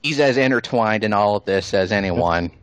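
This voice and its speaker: A man's voice: lowish voice, lively intonation, fairly quick, smooth, dry recording. A man hosting a casual podcast chat, joking and sarcastic as he talks with his co-hosts. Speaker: podcast host.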